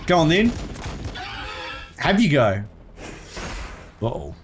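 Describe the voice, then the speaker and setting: Aussie guy streaming a strategy game, swears a lot, yells at the units, kinda excitable. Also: fairly high pitch, slow pace. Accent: Australian. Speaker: gameplay streamer. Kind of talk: casual gameplay commentary.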